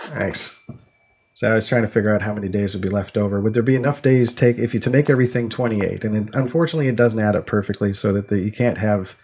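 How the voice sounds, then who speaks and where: A man's voice: fairly low pitch, fast, darkish tone, husky. A man co-hosting a casual podcast, rambling through an idea aloud with many restarts. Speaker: podcast co-host. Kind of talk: casual chat.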